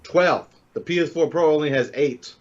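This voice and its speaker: A man co-hosting a casual gaming chat, jokey and quick to laugh. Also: on the high side, a little mellow, dull audio. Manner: chatty, jokey, laughs often. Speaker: podcast co-host.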